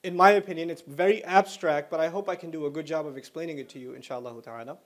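A man's voice: a little high, fast talker. A man giving a religious lecture, explaining ideas through repeated everyday examples, joking and acting out what people say. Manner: animated, joking, acts out quoted speech. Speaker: Islamic lecturer.

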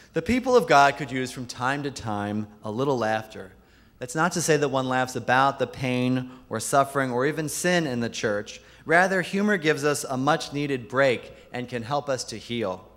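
This keynote comes from a Jesuit priest whose mid-range voice has a fairly bright tone. Peppering his talk with funny stories, he drops his voice to land quoted punchlines, and the large conference hall adds long reverb.

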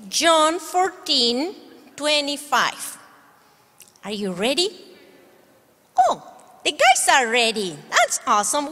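A woman leading a kids' church lesson, talking gently and encouragingly to children. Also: sits high, long reverb tail.

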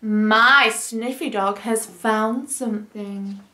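A woman voicing a bossy man with a sniffing dog in a storybook, giving firm, slightly lowered commands in a roomy space. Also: fairly even intonation, slow, pushed and bright. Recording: roomy echo.

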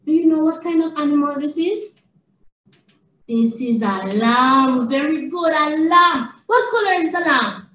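A woman's voice: sits high, lively intonation, measured pace, fairly bright tone. A woman early childhood educator reading a picture book aloud to a small child, sing-song with lots of praise and questions. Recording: echoey room, distant mic.

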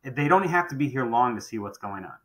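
A man's voice: medium pitch, expressive, a little fast, a bit bright, poor audio. A middle-aged man who runs a contracting business, talking emphatically on a podcast and often repeating phrases as he restarts. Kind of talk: podcast conversation.

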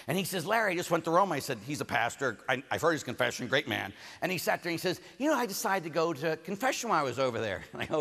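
A man, a priest, giving a conference sermon and telling stories lively, acting out the people he quotes. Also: fairly high pitch. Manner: animated storytelling, acts out the people he quotes. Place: large conference hall. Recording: hall reverb from a venue PA.

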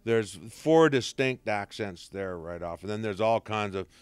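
Male voice actor guest, animated raconteur, resonant timbre, dry sound. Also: fairly low pitch, measured pace, clear, resonant tone, dry recording. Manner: animated storyteller, laughs often. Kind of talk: casual convention interview. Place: convention panel interview.

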